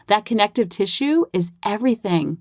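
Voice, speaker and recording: A woman's voice: mid-range voice, moderate pace, no room sound, clean studio sound. A woman in her forties hosting a parenting podcast, chatting casually and acting out bits of dialogue with lots of "like" fillers. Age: 40s. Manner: animated, acts out quoted dialogue. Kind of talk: casual solo podcast storytelling.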